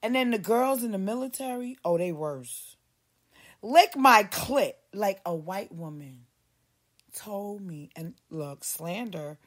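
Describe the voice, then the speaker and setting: A woman delivers a rambling, heavily profane podcast rant. She swears constantly and jumps between stories, acting out what others said to her in a sharper, louder voice. Her pitch sits in an ordinary middle range for a woman. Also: unhurried. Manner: heavy cursing, animated, mimics others in raised voice. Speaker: podcast host.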